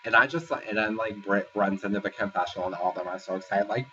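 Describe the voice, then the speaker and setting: A man's voice: deep voice, steady tone, fast, hardly any pauses, bright, forceful tone. A man casually recapping a reality show episode in a rambling, filler-heavy way. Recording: distant, dull lo-fi sound with faint ambience.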